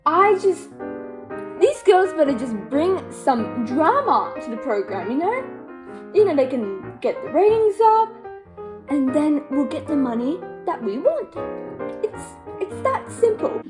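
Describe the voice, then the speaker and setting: A teenage girl performs a comic solo stage scene as a gushing, exasperated reality show host. Her high voice swoops widely, and she takes her time with the lines. Music plays clearly behind her. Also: sing-song, slow pace. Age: teens. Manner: dramatic, gushing, exasperated asides. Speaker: student actor playing a reality show host.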